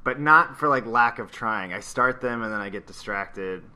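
A man's voice: on the low side, moderate pace, pushed and bright, clear, resonant tone. Rambling, bashful man guest. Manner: rambling, self-conscious, hesitant. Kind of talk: casual chat.

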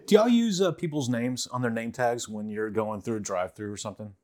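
A man's voice: medium pitch, a little fast, a little mellow. A man hosting a podcast, asking short, friendly questions in a casual way. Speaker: podcast host. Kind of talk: casual chat.

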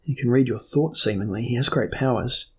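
A man voicing a frightened young woman who speaks in quiet despair, in an audiobook reading. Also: mid-range voice, a little fast, slightly rough. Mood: fearful.

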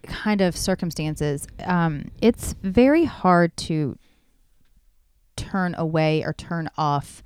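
A woman's voice: fairly low pitch, slow pace, a little mellow, smooth, no echo. A woman co-hosting a podcast in casual chat, adding short remarks and longer explanations. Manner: chimes in with short comments, then explains at length. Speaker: podcast co-host.

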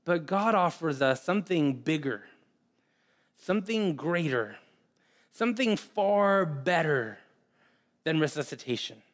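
A man preaching a sermon in an earnest way, often repeating words and pausing. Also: a little high, expressive. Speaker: pastor.

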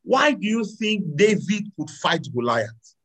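Male preacher, high voice, animated, loud exclamations and soft asides, live sermon. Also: measured pace, low-quality recording. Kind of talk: sermon with audience call-and-response.

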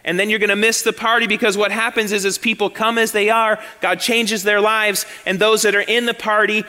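A man's voice: sits high, level tone, fairly quick, few pauses, bright, forceful tone, big-room sound. A male pastor preaching a sermon to his congregation, repeating key phrases and asking rhetorical questions. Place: church sanctuary.

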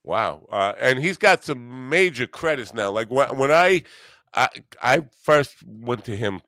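This middle-aged musician hosting a podcast talks in an unhurried, medium-pitched voice that is fairly bright with lively intonation, recorded without echo. Rambling casually, he is blunt, profane, and self-deprecating, using plenty of filler words.

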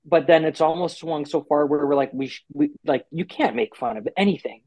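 A man giving an interview about a TV series he works on, talking with lively restarts and acted-out quotes. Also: a little high, no echo, low-quality recording. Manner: animated, quick restarts and quoted asides.

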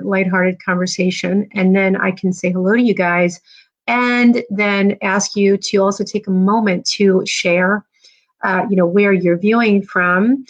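A middle-aged woman from New Jersey hosting a live stream, chatting casually and rambling with lots of fillers. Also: medium pitch. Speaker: podcast host.

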